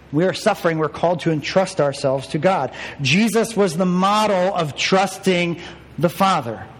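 Conversational young pastor in a reverberant hall. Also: male voice, a little high. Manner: conversational preaching, rhetorical questions, self-deprecating asides. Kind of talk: sermon.

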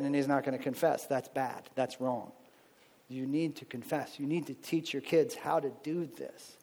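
A man's voice: a little high, moderate pace, mellow, big-room sound. A married man with children, preaching a sermon in a conversational way and often checking in with "right?". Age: adult, married with children. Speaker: pastor.

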